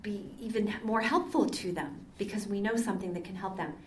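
A woman's voice: medium pitch, fairly quick, darkish tone, a little hiss or hum. An older woman, a Catholic sister, giving a conversational talk full of stories and frequent ums. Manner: chatty, storytelling, frequent ums. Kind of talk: conversational lecture with anecdotes. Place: meeting hall. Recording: echoey hall, mic far off.

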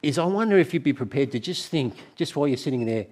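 A middle-aged man preaching a sermon to a church gathering, conversational and warm in tone, with frequent restarts. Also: medium pitch, expressive, quick pace.

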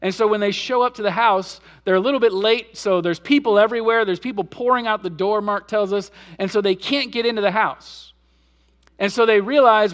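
A man pastor preaching a sermon, telling a story and swinging between soft, low passages and louder, emphatic peaks. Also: a little fast.

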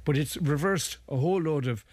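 A man's voice: a little high, fairly quick, darkish tone, slightly rough, dry recording. An Irish man, a lawyer guest, talking casually through family law cases with restarts and folksy asides. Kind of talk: conversational legal explanation.

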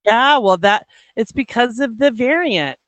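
A high-pitched man talking in a campy, emphatic way, casual chat with a lot of swearing. The sound is dry and close, with no room around it. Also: lively intonation, a little slow, fairly bright tone, no echo. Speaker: co-host.

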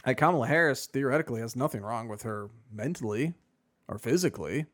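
A man's voice: medium pitch, fast, fairly bright tone. A man co-hosting a podcast in casual chat, rambling and sarcastic with many fillers. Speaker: podcast co-host.

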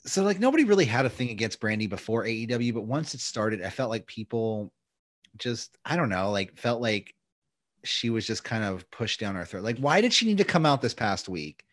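A man's voice: fairly low pitch, very animated, normal speed, a bit bright, no echo, clean studio sound. A man hosting a casual podcast chat, loose and profane, often slipping into mock voices. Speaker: podcast host.

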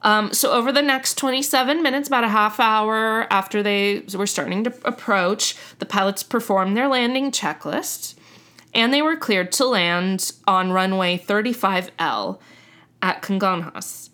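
A woman's voice: mid-range voice, a little slow, bright, forceful tone. A young adult woman hosting a casual chat, telling a story with frequent self-corrections and laughing at her own slips. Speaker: podcast host.

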